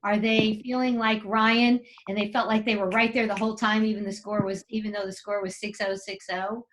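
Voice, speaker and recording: A woman's voice: medium pitch, flat delivery, a little fast, low-quality recording. A middle-aged woman, a tennis coach and parent, giving plainspoken advice in casual interview talk.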